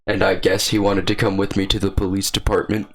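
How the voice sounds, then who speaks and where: Young man, podcast co-host, low gravelly voice, swears while telling a story. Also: brisk, slight background noise. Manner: profane, animated storyteller.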